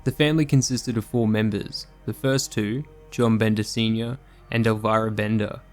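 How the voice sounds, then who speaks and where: A man reading a scripted true crime narration in a measured, sombre manner. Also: fairly low pitch, steady tone, soft background music.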